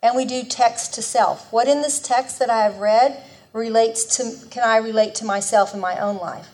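A woman's voice: on the high side, fairly even intonation, normal speed, a little mellow. A woman teaching a Bible lesson in an earnest, conversational way, often restarting her sentences and growing emphatic as she tells her own story.

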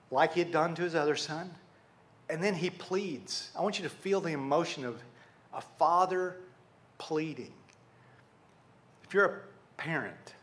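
A man preaching a sermon to a congregation, animated, asking rhetorical questions and speaking to them directly. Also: a little high. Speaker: pastor.

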